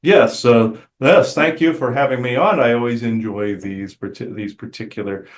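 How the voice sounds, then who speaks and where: A man talking as a guest on a podcast, rambling and halting with many restarts and fillers. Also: medium pitch. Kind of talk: casual conversation.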